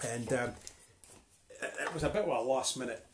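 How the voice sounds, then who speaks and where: A Scottish man talks in a dry, matter-of-fact way between tunes, his voice at a middling pitch. The sound is roomy and echoey, with clear noise in the background. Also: moderate pace. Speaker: fiddler and co-host. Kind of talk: casual chat on a live stream.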